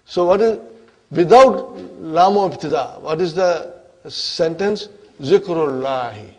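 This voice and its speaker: Slow, husky male grammar teacher. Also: high-pitched. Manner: slow, deliberate, constantly checks on listeners with questions. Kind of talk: classroom grammar lecture.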